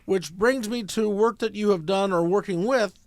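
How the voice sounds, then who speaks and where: A man's voice: sits high, normal speed, no room sound. A man hosting a casual interview, telling chatty personal anecdotes. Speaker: interview host.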